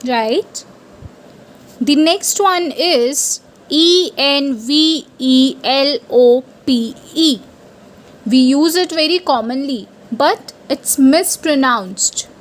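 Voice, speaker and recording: A woman teaching English pronunciation to camera, spelling each word out letter by letter and checking in often with "right?". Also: sits high. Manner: deliberate, spells words out letter by letter.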